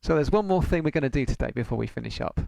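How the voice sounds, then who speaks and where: Patient male piano tutor, gravelly edge, counts rhythms aloud. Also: a little high, animated, very fast, mellow, no echo. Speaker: piano teacher. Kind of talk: online music lesson.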